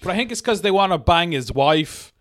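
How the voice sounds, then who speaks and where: A man's voice: high voice, lively intonation, brisk, a bit bright, dry recording, studio quality. A man co-hosting a casual film podcast, chiming in with sarcastic quips and slang. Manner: wisecracking, sarcastic. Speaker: podcast co-host.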